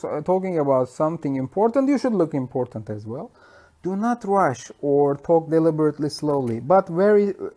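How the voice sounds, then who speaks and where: A man's voice: a little high, mellow. A man with a Turkish accent, a university lecturer, giving a self-recorded lecture in a conversational way, with many fillers and self-corrections. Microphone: self-recorded lecture mic.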